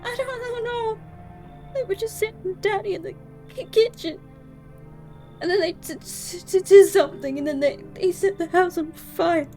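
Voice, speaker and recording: Woman doing a crying little kid, super high squeaky voice, stammers and sobs. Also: moderate pace, mellow, soft background music. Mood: sobbing. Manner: stammering, sobbing. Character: terrified crying little girl.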